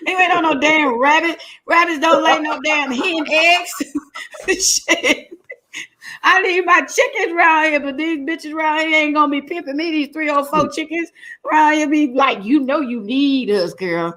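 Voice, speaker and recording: A woman hosting a laid-back talk show, animated and full of jokes, laughing often as she goes. Her voice sits high. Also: moderate pace. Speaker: host. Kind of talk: casual chat.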